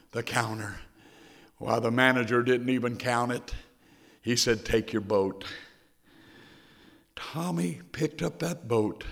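A man's voice: medium pitch, vocal fry. A man preaching a sermon, telling a story with feeling and building to passionate appeals. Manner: emotional storytelling that builds to passionate preaching, briefly sings a hymn.

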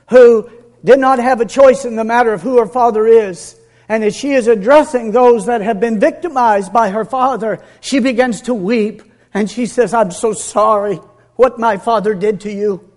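A man preaching a sermon with earnest conviction, dropping to a hush and building to emphatic peaks. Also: very high voice, moderate pace.

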